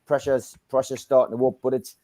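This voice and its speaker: A man chats on a video call in a mid-pitched voice. He is friendly and easygoing, rambling with fillers and calling people mate. The sound is dry and close. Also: level tone, fairly quick, mellow, dry recording. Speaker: actor and host. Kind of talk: casual live-stream chat.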